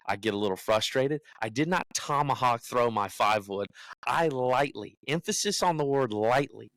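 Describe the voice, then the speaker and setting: A man's voice: medium pitch, fairly bright tone, dry recording, low-quality recording. A young man from the United States, a podcast co-host, tells a story in casual chat and acts out what other people said.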